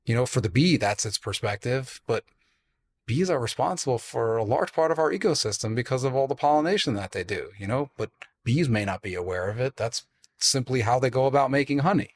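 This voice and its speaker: A man's voice: medium pitch, animated, brisk. A man who works as a life coach, musing thoughtfully on a podcast panel and hedging with fillers. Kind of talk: casual panel chat.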